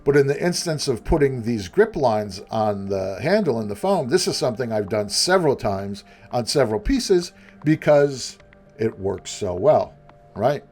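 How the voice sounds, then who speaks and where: Man, tutorial voice-over, casual rambling, self-deprecating, mid pitch, faint background music. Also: sing-song, moderate pace, darkish tone. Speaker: prop maker.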